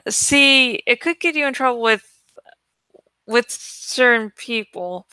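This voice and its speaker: A woman voicing a teenage boy who calmly reassures a frightened stranger. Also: a little high, slow, clean tone, no room sound, heavily acted. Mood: reassuring. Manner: soothing, reassuring.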